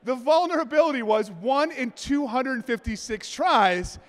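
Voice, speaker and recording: A man giving a conference talk, telling jokes and acting out stories in an animated way. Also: very high-pitched, unhurried. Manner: animated, joking storyteller. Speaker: conference presenter. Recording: long hall reverb.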